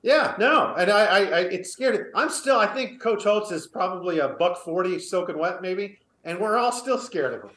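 A man's voice: high-pitched, lively intonation, normal speed, hardly any pauses, fairly bright tone, reverberant. A man and former college football player, speaking as an interview guest, earnest and opinionated with a storytelling manner. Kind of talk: casual sports interview.

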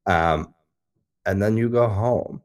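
A man with a very deep, low voice talks through a topic in an easygoing, explanatory way. He leans on fillers as he goes, keeping the chat relaxed and informal. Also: slow pace. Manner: explanatory and conversational, full of "like" fillers. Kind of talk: casual chat.

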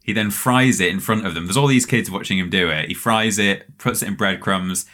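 A man with a very low, deep voice co-hosts a casual podcast. He spins long, rambling anecdotes and breaks into laughter as he goes. The talk is loose, friendly banter among friends. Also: a little fast, sharp tone. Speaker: podcast co-host.

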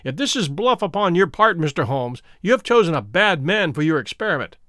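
A man voicing a fierce, imposing middle-aged explorer in a deep, gruff storybook voice. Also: very animated, brisk, a bit bright, no room sound, studio quality. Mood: menacing.

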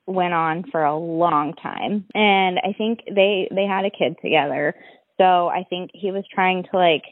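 A woman's voice: lowish voice, no room sound, phone-quality sound. A young adult woman recounting her own story as a guest, rambling and stacking up "like" fillers. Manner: rambling, many "like" fillers, restarts. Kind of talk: personal account in an interview.

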